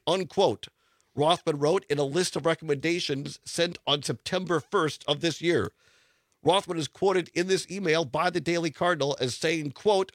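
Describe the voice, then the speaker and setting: A man's voice: on the high side, moderate pace, no room sound. Congested man hosting a talk show. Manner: chatty, reads news quotes aloud with emphasis. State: congested, stuffy voice. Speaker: radio talk show host. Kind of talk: radio talk show monologue. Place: radio studio. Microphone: studio broadcast microphone.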